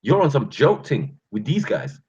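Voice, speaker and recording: A man's voice: mid-range voice, sing-song, moderate pace, dark tone, husky, lo-fi sound. A man with a London accent hosting his channel, delivering a passionate rant full of street slang and calling his listeners bruv and fam. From England. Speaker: channel host.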